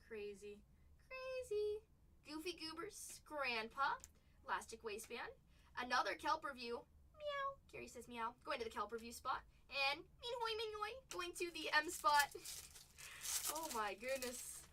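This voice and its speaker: High bright excitable woman streamer. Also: normal speed, a little hiss or hum. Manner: excitable, exclaims often. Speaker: livestream card-break host. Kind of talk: live unboxing commentary. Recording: voice a bit far from the mic.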